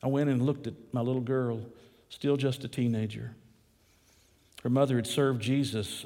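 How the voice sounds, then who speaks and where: A male pastor preaching an impassioned sermon, telling a story dramatically with big swings in pitch and loudness. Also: fairly even intonation, moderate pace, long pauses, big-room sound. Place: church.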